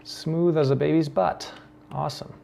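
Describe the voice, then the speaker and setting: A man's voice: a little high, steady tone, moderate pace, gravelly, warm tone, slight background noise. A man from the Netherlands hosting a coding tutorial, thinking aloud with many ums and restarts. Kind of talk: screen-recorded coding tutorial.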